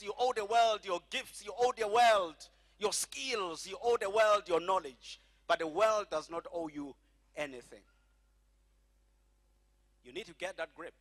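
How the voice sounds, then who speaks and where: A middle-aged man preaching with a high, ringing voice. He leans on key phrases, drawing them out slowly and calling the congregation to say them back. His tone is bright and forceful from the pulpit. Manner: emphatic preaching, slows and stretches key phrases, has congregation repeat after him. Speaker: pastor. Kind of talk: sermon.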